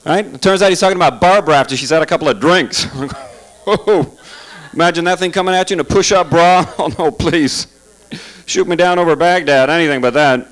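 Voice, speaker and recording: A man's voice: on the high side, brisk, fairly bright tone, poor audio. Sarcastic man doing stand-up. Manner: sarcastic, chatty, asks the crowd. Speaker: stand-up comedian. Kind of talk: stand-up comedy set. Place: comedy club stage.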